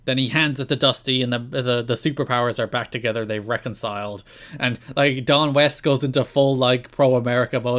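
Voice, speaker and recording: A man's voice: medium pitch, steady tone, a little fast, fairly bright tone. A man co-hosting a podcast, recapping at length in an enthusiastic, casual way. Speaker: podcast co-host. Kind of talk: casual chat.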